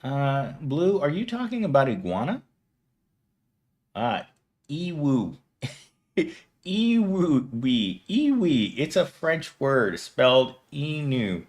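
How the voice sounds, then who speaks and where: A man's voice: mid-range voice, big pitch swings, takes it slowly. A man in his thirties hosting a casual live stream at home, rambling and giggling as he answers viewer comments. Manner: rambling and giggly, talking to chat. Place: at home, streaming without camera.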